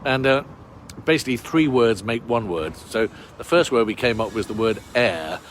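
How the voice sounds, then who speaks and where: A man's voice: mid-range voice, animated, moderate pace, a little hiss or hum. A man from Bristol speaking with a received pronunciation English accent, guiding a walking tour outdoors on a cold street. He talks in a chatty, rambling way, with lots of fillers and wry asides. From Bristol, England. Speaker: tour guide. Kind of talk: walking tour talk to camera. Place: outdoor street in a town centre.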